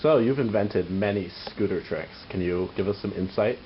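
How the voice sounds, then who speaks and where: Brief: a male interviewer, lowish voice, deadpan questions, dull lo-fi home recording. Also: normal speed, very noisy. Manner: mock-serious interview questions.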